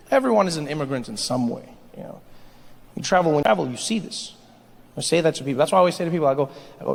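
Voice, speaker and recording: High-voiced stand-up comedian in a hall. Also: male voice, expressive, rapid-fire, vocal fry, a little hiss or hum. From South Africa. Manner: conversational, storytelling. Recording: live hall with audience.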